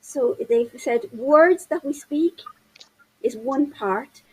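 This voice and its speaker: A woman's voice: high-pitched, takes it slowly, darkish tone, breathy edge, rough recording. A woman in her fifties, a parenting coach, talking animatedly and gesturing with her hands as she explains in an interview. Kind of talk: interview conversation.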